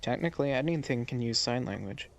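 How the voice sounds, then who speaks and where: A man's voice: medium pitch, expressive, fast talker, vocal fry. A man running a tabletop game as game master, narrating loosely with fillers.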